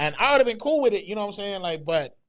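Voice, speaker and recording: A man with a mixed Bermudian and British accent co-hosting a podcast, telling stories in animated, casual chat with free swearing. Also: high voice, fast talker. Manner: animated storyteller, swears freely. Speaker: podcast co-host.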